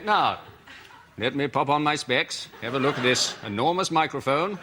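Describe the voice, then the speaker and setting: A man's voice: mid-range voice, animated, normal speed. A man on a comedy panel show improvising wry mock commentary over news footage. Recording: loud noise behind.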